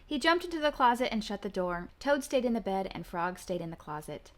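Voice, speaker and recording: A mother reading a children's storybook aloud in a gentle, expressive way. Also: mid-range voice, a little fast. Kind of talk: children's book read-aloud.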